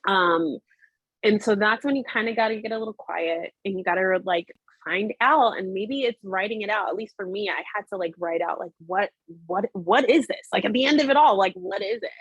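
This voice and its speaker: A woman's voice: mid-range voice, animated, fairly quick, breathy edge, no echo, low-quality recording. A woman in her thirties, a music executive, speaking candidly in an interview, earnest and filling her talk with "like". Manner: earnest and emotional, many "like" fillers. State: tearful, voice breaking. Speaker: music industry executive, guest.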